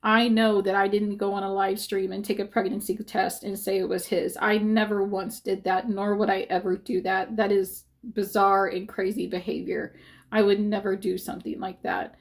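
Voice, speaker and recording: A woman's voice: mid-range voice, flat delivery, moderate pace. A woman talking casually to her viewers, rambling with many fillers and self-corrections, upset and defensive, close to tears at times. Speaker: vlogger.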